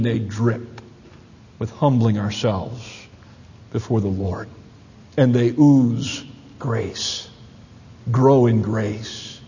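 Husky-voiced pastor preaching in a reverberant hall. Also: male voice, mid-range voice, dark tone. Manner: earnest, emphatic preaching. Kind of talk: sermon. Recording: long hall reverb, dull lo-fi sound.

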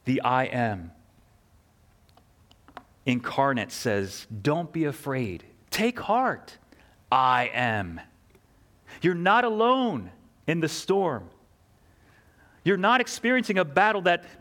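A man's voice: high voice, sing-song, slow pace, pauses often, pushed and bright. A man preaching a sermon, earnest and emphatic, asking rhetorical questions and repeating key phrases. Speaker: pastor.

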